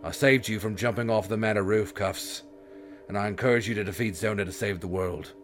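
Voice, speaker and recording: A man voicing a weary, soft-spoken noble knight who speaks gently and sadly, with sighs. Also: fairly low pitch, fairly even intonation, a little fast, faint music behind, natural voice. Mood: solemn. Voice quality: sighing, gentle and solemn.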